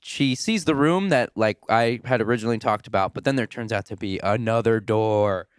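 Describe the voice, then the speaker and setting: A young man co-hosting a podcast, telling a film's plot in a relaxed, chatty way. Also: on the low side, moderate pace, clean tone, no room sound, clean studio sound. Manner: relaxed storytelling with fillers. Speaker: podcast co-host. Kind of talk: casual movie review chat.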